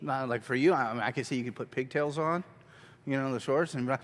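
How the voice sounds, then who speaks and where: A man leading a church skit class, coaxing volunteers in a lively way and laughing often. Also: mid-range voice, fast talker, long reverb tail. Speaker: drama workshop teacher. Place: church hall.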